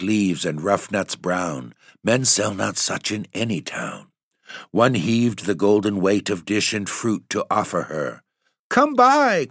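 Deep-voiced man with a theatrical reading. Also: fairly bright tone, no room sound, clean studio sound. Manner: ominous, drawn-out theatrical delivery. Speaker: narrator and host.

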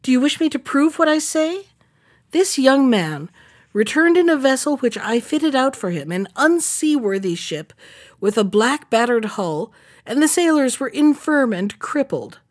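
A woman's voice: high-pitched, very animated, unhurried, voice pushed up, full character voice. A woman reading the lines of a bold young prince in a fairy tale, confident and courteous.

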